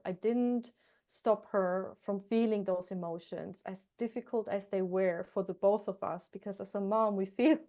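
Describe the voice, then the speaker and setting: A woman guest speaking earnestly and warmly about parenting, telling personal stories in a casual interview. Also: medium pitch. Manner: earnest, heartfelt, repeats words for emphasis. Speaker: guest, coach and hypnotherapist. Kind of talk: casual interview talk, storytelling.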